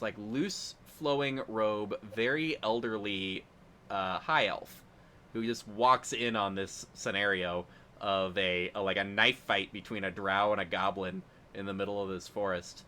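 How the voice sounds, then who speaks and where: A man running a tabletop role-playing game as game master, narrating in a relaxed, rambling way with fillers and chuckles. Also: on the low side, measured pace.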